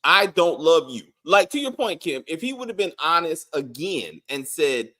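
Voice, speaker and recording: A man's voice: fairly high pitch, big pitch swings, normal speed, pushed and bright. A man co-hosting a casual TV review, talking animatedly and acting out characters' lines. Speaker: show co-host.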